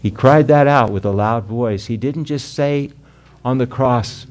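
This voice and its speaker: A man preaching a sermon to his congregation, earnest, calling them friends and beloved, rising loud on key words and slowing down to read scripture. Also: medium pitch. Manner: earnest preaching, drops loud then soft for emphasis, slows on scripture. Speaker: pastor.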